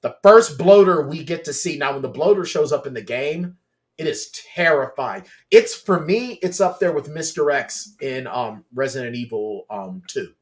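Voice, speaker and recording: A man co-hosting a podcast in casual chat, retelling scenes with lively, animated storytelling. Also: fairly high pitch, normal speed. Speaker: podcast co-host.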